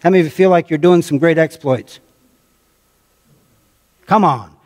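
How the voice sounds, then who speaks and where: American male pastor, slightly high voice, conversational sermon, long church-hall reverb. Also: moderate pace, darkish tone. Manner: conversational preaching, calls on the congregation, repeats phrases for emphasis. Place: church sanctuary.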